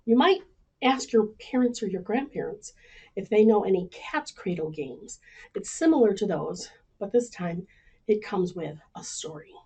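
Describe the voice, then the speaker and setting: A woman librarian telling stories to children at home, animated and inviting them to join in. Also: medium pitch, breathy edge. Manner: animated, speaks to kids at home. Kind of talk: children's storytime reading.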